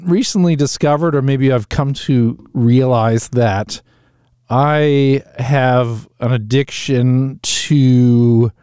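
A man's voice: medium pitch, slow, dark tone, clean tone, no room sound, studio quality. A man hosting a live talk radio show, chatting casually in a rambling, self-mocking way with frequent chuckles. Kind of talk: casual chat. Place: radio studio.

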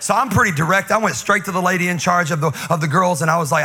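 Animated, high-voiced preacher man. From North Carolina. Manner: animated, fast, full of asides and laughter. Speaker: pastor. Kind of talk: comedic sermon storytelling.

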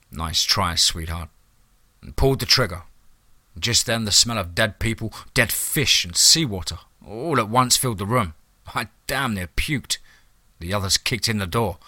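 Man telling a gritty first-person monster story, wry and hard-boiled, lowish sharp voice, dry. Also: no room sound.

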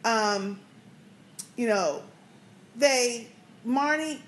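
A woman co-hosting a podcast, chatting casually and rambling a little as she jumps between points. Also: fairly high pitch. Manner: rambling, skips around, quick agreeing interjections. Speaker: podcast co-host. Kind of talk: casual TV recap chat.

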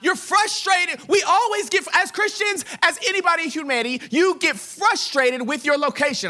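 A young adult man preaching a sermon as pastor, telling stories in an animated way with playful quoted voices. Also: very high voice, a little fast, hardly any pauses.

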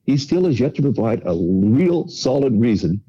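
A man giving political commentary as a panelist, talking quickly and emphatically and piling up repeated points. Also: mid-range voice, sing-song, dark tone, husky, dull audio.

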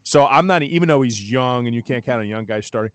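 A middle-aged man talking football on a casual show, telling stories in an animated way, swearing freely and getting worked up. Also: mid-range voice, fast talker. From Florida. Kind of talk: casual sports talk.

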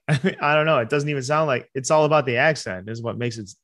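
A man's voice: mid-range voice, fast talker, a bit bright, no echo, studio quality. A man co-hosting a comedy podcast, chatting hesitantly and joking along. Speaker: podcast co-host. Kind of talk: casual comedic chat.

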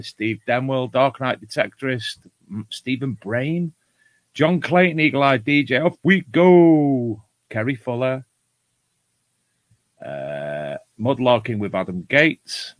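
A man's voice: mid-range voice, expressive, slow pace, dry recording. A man from England co-hosting a casual detecting chat show, joking with his co-host and reading out chat names. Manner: jokey, banters and reads out chat names.

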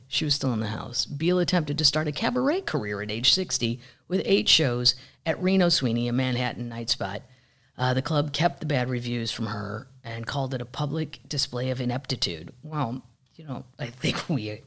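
Rambling, animated comedian woman. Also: deep voice. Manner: animated, jumps into silly voices and asides; chatty, rambling with fillers and slang. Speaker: comedian podcast host. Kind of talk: casual comedic storytelling.

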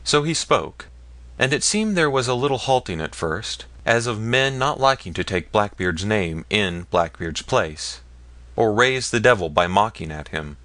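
Male audiobook narrator, low forceful voice, dry close recording, measured storytelling. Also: expressive, dry recording. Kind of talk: scripted narration.

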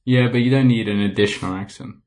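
A man's voice: lowish voice, fairly even intonation, fast talker, a little mellow. Dry, teasing man podcaster. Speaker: podcast co-host. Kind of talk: casual chat.

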